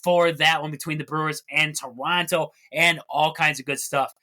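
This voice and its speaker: Sports podcast guy riffing solo, bright forceful voice, a bit high. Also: fairly even intonation, normal speed. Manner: chatty, jokey, rambling asides. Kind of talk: casual solo sports talk.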